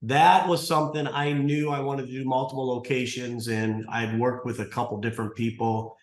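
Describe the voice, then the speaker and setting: A man's voice: medium pitch, little pitch movement, moderate pace. A man in his sixties, a martial arts school owner, telling stories in a casual interview, rambling with restarts and acting out dialogue. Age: 60s. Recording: roomy echo.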